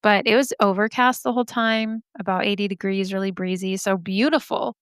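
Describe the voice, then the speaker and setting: Chatty woman with a smooth voice. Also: medium pitch, fairly even intonation, a little fast, no echo, studio quality. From Arizona. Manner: bubbly, chatty, laughs often. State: slightly scratchy throat. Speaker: podcast host. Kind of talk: casual chat. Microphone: studio microphone.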